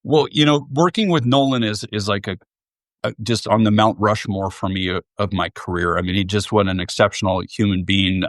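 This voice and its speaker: A man's voice: lowish voice, steady tone, a little fast, no echo. Candid middle-aged man in dry sound. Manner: candid, anecdotal, self-deprecating. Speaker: interview guest, former baseball general manager. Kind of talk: casual interview chat.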